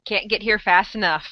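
Woman podcast co-host, giggly, quick jokes, bright tone, dry lo-fi sound. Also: medium pitch, no room sound. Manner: giggly, joking asides. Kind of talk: casual podcast chat. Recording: dull lo-fi dry audio.

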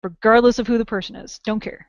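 A woman's voice: a little high, steady tone, fast, dry recording. Chatty woman podcast host, dull dry audio. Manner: chatty, wry, self-mocking. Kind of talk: casual chat.

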